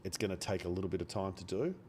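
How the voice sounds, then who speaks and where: A man with a cold, talking quietly and bluntly into a close microphone during a day-trading live stream, swearing now and then. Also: deep voice, very fast, slight background noise. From Australia. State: has a cold. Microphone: microphone held very close.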